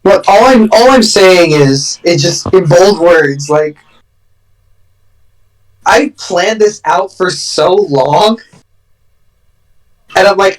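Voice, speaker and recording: A man's voice: high voice, animated, slow, long pauses. A man running a tabletop game as dungeon master, narrating in a rambling, playful way. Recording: voice far from the mic.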